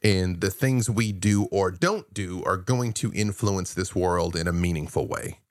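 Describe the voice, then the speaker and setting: A podcast guest with a low voice speaks a little slowly as he recounts tabletop game stories with animation, voicing his players' lines in a casual interview. The audio is studio quality with no room sound.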